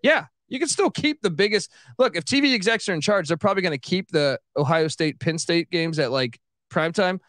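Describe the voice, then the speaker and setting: A man's voice: on the high side, a bit bright, no room sound, clean studio sound. A man hosting a casual sports chat who rants, swears and gets worked up. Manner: ranting, profane, gets worked up. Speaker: podcast host.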